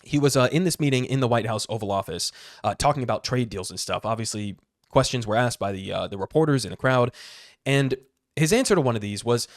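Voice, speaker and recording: A man's voice: mid-range voice, lively intonation, fairly quick, dry recording, clean studio sound. A man hosting political commentary, talking in a sarcastic, incredulous way.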